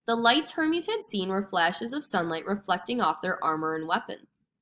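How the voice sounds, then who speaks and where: A woman reading a storybook lesson aloud to children with expressive, clear storytelling. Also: mid-range voice, normal speed. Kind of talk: storybook read-aloud narration.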